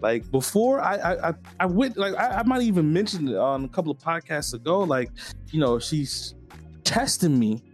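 A man's voice: a little high, lively intonation, normal speed, soft background music. A man co-hosting a podcast, telling stories in an easygoing way, full of "like" fillers. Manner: easygoing storytelling, lots of "like" fillers. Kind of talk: casual chat.

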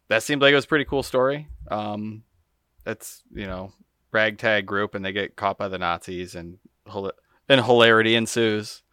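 Male podcast co-host, low smooth voice, rambling rant, dry close mic. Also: a bit bright, dry recording. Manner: rambling, ranting. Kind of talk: casual chat.

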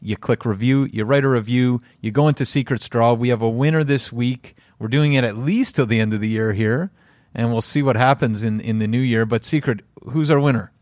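A man's voice: mid-range voice, a little fast, darkish tone, no room sound. Man, podcast co-host, casual upbeat chat, dry close sound. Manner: casual, upbeat, plugs the show's website.

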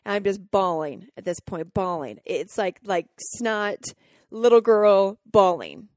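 A woman's voice: medium pitch, expressive, a little slow, a little mellow, no room sound, clean studio sound. A woman from Colorado hosting a podcast, telling a personal story in a candid, emotional way, with fillers and restarts. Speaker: podcast host.

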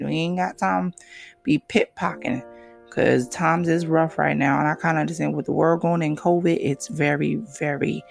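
Gravelly emotional male podcast host. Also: fairly high pitch. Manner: emotional, animated, drifts into soft whispery asides. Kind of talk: casual solo podcast talk.

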